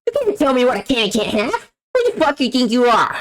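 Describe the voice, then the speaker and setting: Woman playing a high whiny old grandpa, nasal, stubborn, cranky. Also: big pitch swings, fairly quick. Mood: defiant. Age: older.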